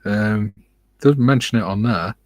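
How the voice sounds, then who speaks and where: A man's voice: on the low side, unhurried, dry recording, rough recording. A man chatting casually on a livestream, mostly brief remarks and agreement. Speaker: livestream co-host. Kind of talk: casual chat.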